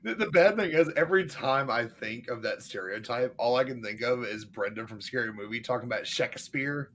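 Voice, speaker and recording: A man co-hosting a podcast, dropping quick wisecracks in casual chat. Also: medium pitch, a bit bright, slight background noise. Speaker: podcast co-host.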